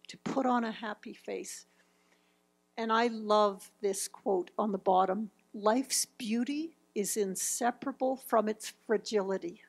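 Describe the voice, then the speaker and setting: A woman in her fifties presenting a grief seminar, speaking reflectively as she walks through slides and quotes. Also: mid-range voice. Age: 50s.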